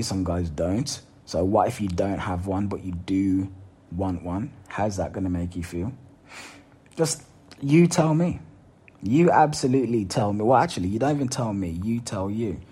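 A man with a dark, husky, lowish voice hosts a motivational podcast, speaking directly to whoever's listening. He repeats words to emphasize them.

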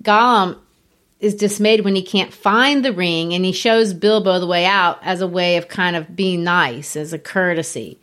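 A woman hosting a casual literary talk, explaining background in an animated, teacherly way. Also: fairly low pitch, normal speed.

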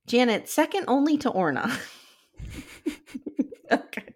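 A woman's voice: high-pitched, unhurried. A woman co-hosting a podcast, chatting casually and retelling scenes with quoted lines. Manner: animated storytelling, recapping scenes with quoted lines. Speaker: podcast co-host. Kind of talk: casual chat.

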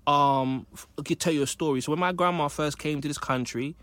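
A British man talks through his views in a relaxed discussion, building each point on a story or an example. His voice sits a touch high and sounds slightly cracked. The sound is dry and close. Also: a little fast, no room sound. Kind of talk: casual discussion.

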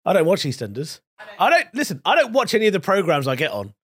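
A man's voice: high-pitched, wildly swooping pitch, fast talker, fairly bright tone, breathy edge, no room sound, studio quality. A man from East London, a comedian co-hosting a podcast, telling stories in a playful, teasing way. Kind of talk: casual comedy chat.

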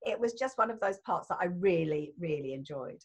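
Chatty husky older woman. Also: fairly low pitch, animated, brisk. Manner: chatty, effusive, laughs often. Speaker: actress, interview guest. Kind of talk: casual interview chat.

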